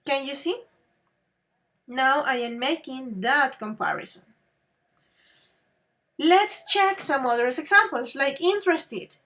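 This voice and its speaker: A woman English teacher with a high voice leads an online grammar class. She talks slowly and carefully, addressing her students as dears and babies. She slips into now and then to make a rule clear. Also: pushed and bright. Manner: slow and patient, calls students babies and dears; switches between English and Spanish to explain.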